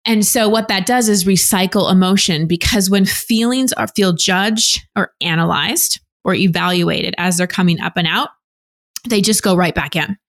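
A woman with an ordinary middle-pitched voice answers as a relationship coach on an interview show. She explains patiently and earnestly, in the steady manner of a teacher walking a listener through an idea. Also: moderate pace. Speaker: relationship coach, podcast guest.

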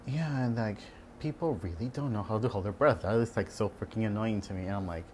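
Low-voiced man ranting candidly. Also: a little fast, darkish tone, a little hiss or hum. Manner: candid, swears freely, mimics patients. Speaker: ultrasound technologist. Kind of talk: casual ranting monologue.

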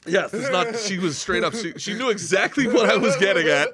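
A man's voice: high-pitched, animated, a little fast, a crowd in the background. A man hosting a podcast and chatting casually, rambling with restarts before landing emphatic lines. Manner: rambling, hesitant, with many restarts, then emphatic. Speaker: podcast host.

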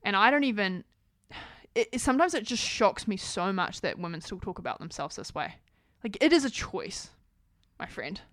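A woman in her thirties speaks straight to the camera in a frank, lively way, dropping "like" all through her sentences. Her voice sits at a middle pitch and is recorded close and dry, with no room sound. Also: moderate pace, no room sound. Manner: frank, animated, many "like" fillers. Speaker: parenting vlogger. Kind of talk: casual talk to camera.

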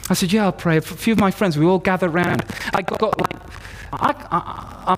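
A male preacher delivers a sermon in a notably high voice. He mixes personal storytelling with quoted prayers and builds to fervent, repeated declarations. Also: animated, normal speed.

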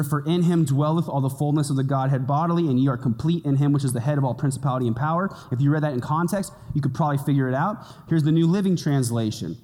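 Pastor guy preaching, kinda high voice, chatty and joking, big echoey church. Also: darkish tone. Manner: conversational, playful asides. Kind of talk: sermon teaching. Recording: long hall reverb.

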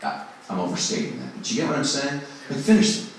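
With a mid-range voice, big pitch swings and a quick pace, this man gives a casual songwriting workshop talk over slight background noise. He's recorded from far away in a large, very echoey room, talking to a group conversationally, mocking himself and voicing inner thoughts.

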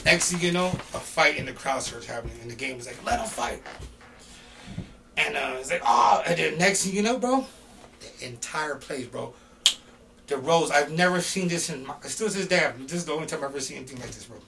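A middle-aged man casually telling a story on a podcast, animated and swearing, shouting out the quoted lines. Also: on the high side, fast, far from the mic, background noise. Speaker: podcast guest.

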